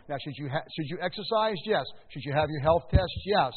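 A man with a somewhat high voice preaches with animated emphasis, mixing conversational asides with bursts of shouting. The sound is thin and phone-like, with a long reverb trailing off the walls of a large hall. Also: a little fast, few pauses, breathy edge. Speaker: pastor. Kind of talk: sermon. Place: church sanctuary.

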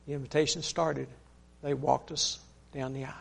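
Gravelly-voiced preacher telling a story. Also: male voice, medium pitch, little pitch movement, moderate pace. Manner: folksy, earnest retelling with many "he said" asides and restarts. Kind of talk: sermon storytelling.

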